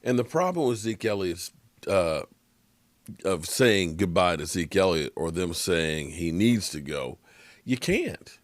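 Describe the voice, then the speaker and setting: A man's voice: sits low, sing-song, slow pace, dry recording. A tired man giving a casual, rambling sports commentary monologue, yawning now and then. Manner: rambling, conversational, frequent restarts. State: tired, yawning from lack of sleep.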